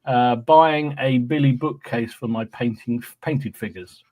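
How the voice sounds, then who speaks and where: A man's voice: medium pitch, unhurried, darkish tone. A man hosting a podcast, cheerfully reading out live chat greetings with frequent ums and restarts. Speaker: podcast host.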